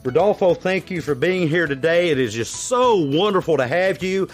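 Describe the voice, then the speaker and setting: A man's voice: fairly high pitch, lively intonation, normal speed, music in the background. A man with an American Southern accent hosting a podcast interview, talking in a folksy, chatty way. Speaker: podcast host.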